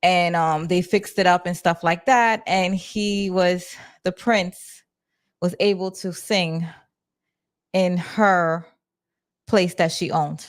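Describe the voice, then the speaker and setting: A New York woman with a matching accent chats casually with her livestream viewers from her office, talking to her chat with restarts and fillers. Her voice sits on the low side, slow and fairly even in intonation.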